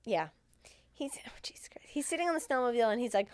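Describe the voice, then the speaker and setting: A woman's voice: fairly high pitch, animated, fast talker, a little hiss or hum. A woman co-hosting a comedy podcast, recapping a film in crude, laughing chat and acting out the lines.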